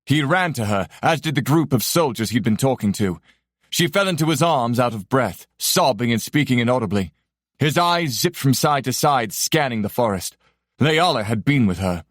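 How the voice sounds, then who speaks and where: Man, audiobook narrator, mid pitch, steady, dry close sound. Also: moderate pace, no echo. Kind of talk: scripted fantasy narration.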